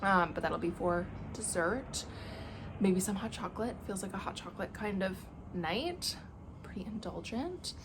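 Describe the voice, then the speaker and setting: A woman's voice: mid-range voice, expressive, normal speed, background noise. A young woman vlogging casually at home, gushing with effusive exclamations. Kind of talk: casual vlog chat. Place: home apartment, indoors.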